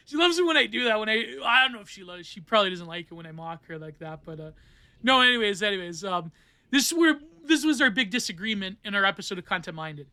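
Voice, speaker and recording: A man's voice: high voice, animated, quick pace, sharp tone, clean tone, no room sound. A man hosting a solo podcast, rambling through art theory with many fillers and restarts. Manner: rambling, digressive, many fillers and self-corrections. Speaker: podcast host.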